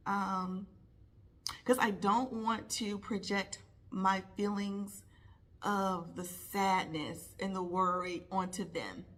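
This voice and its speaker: Woman, middle-aged, vlogger, heartfelt, pausing often, repeating words, medium pitch. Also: a bit bright. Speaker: vlogger, nurse. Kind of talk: personal vlog talk to camera.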